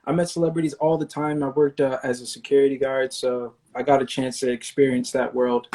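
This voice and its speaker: Man, from Providence, guest singer, relaxed, casual interview chat. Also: mid-range voice, brisk. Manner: relaxed, easygoing, self-deprecating.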